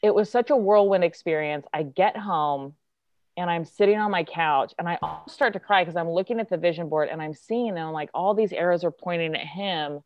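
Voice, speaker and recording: A woman's voice: on the low side, a little fast, no echo. Chatty woman telling a story, dry, dull sound. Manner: chatty, lots of filler likes, acts out quotes. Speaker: actress, guest. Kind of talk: casual anecdote telling.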